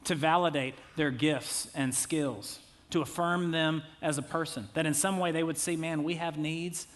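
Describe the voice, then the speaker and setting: A man's voice: on the high side, fairly even intonation, moderate pace. A man in his thirties preaching a sermon as a pastor, talking in a conversational way with jokey asides.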